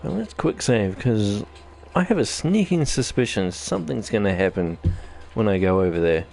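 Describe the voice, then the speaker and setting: Gravelly New Zealand man narrating gameplay. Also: on the low side, sing-song, moderate pace, a little mellow, faint music behind. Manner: rambling, jokey, self-deprecating chatter. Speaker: gaming channel host. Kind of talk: let's-play commentary.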